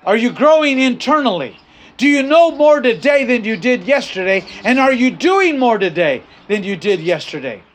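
A man's voice: very high-pitched, very animated, moderate pace, a little hiss or hum. An older man preaching a sermon as a pastor, emphatic, repeating his key phrases and often restarting his sentences. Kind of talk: sermon with personal story.

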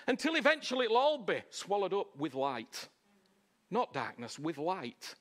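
Preaching at a measured pace, this man's pitch swoops wildly as he shifts from loud, elevated lines to soft, hushed passages. He repeats phrases and keeps asking the congregation "Huh?"

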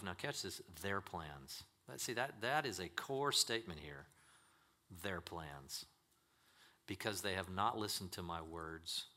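A pastor preaching a sermon in a church, emphatic and swinging between loud declarations and hushed asides. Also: male voice, fairly low pitch.

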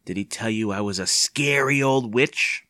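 A man voicing a booming, deep-voiced old aunt. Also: moderate pace, sharp tone, no echo, studio quality. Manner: booming, leering, hearty. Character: loud, teasing old great-aunt, deep-voiced woman.

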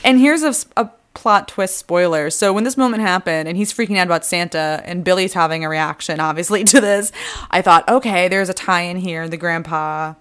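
Woman, podcast co-host, slightly low voice, giggly and animated while recapping a film. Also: moderate pace, smooth. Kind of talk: casual movie-review chat.

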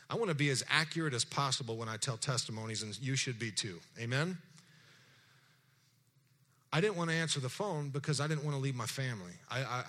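Male pastor, crisp bright tone, lively storytelling sermon. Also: mid-range voice. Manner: lively storyteller, acts out dialogue, asks the congregation questions.

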